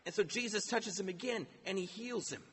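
A pastor preaching a sermon, emphatic and full of rhetorical questions. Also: male voice, sits high, a little fast, a bit bright, husky. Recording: long hall reverb.

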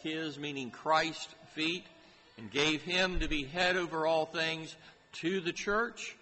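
A man preaching a sermon in a slow, deliberate way, lifting his voice to stress key phrases. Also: a little high, pushed and bright. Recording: hall reverb with faint ambient noise.

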